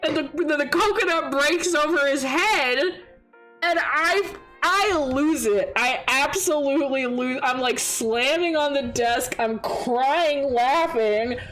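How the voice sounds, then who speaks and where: High-voiced woman telling stories on stream. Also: slow, soft background music, poor audio. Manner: animated storytelling, swearing and laughing. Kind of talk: casual chat stream.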